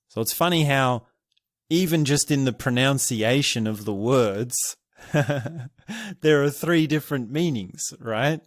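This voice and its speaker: A man hosting a podcast alone, musing and thinking aloud, restarting his sentences and chuckling softly as he reflects. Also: mid-range voice, expressive, a little slow, no echo, clean studio sound. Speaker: podcast host. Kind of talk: reflective solo podcast talk.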